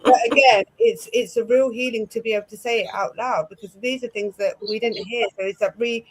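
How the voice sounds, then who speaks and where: A woman's voice: fairly high pitch, fairly even intonation, fairly quick, slight background noise, rough recording. A woman chatting frankly and with self-deprecating humor on a live panel. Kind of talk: live online panel chat.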